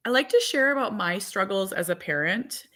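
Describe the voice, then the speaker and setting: Casual mom vlogger, thirties, rambling and talkative into a phone at home. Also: female voice, medium pitch, animated, moderate pace, fairly bright tone. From Minnesota. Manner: chatty, rambling, talks to viewers and dog. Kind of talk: casual livestream chat. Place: home in winter.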